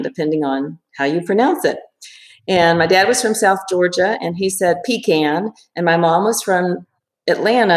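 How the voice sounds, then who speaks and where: Reflective middle-aged woman, echoey room. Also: fairly low pitch. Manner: reflective, hesitant with many restarts and fillers. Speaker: therapist guest. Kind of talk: casual interview.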